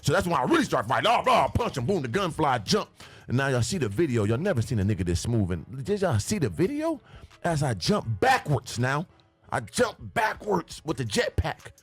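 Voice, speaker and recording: A man's voice: fairly high pitch, sing-song, normal speed, breathy edge, no echo, soft background music. A man telling the story of his life as a podcast guest, with vivid, profane scene-by-scene storytelling and spoken sound effects. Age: older than the hosts. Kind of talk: animated storytelling.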